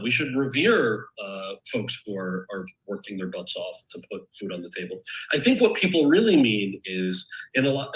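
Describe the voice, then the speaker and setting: Bright-voiced man reading and chatting. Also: fairly low pitch, rough recording. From United States. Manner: candid, thoughtful, with frequent restarts. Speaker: author and actor guest. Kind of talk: reading from his memoir, then answering questions. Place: event stage or panel, indoors.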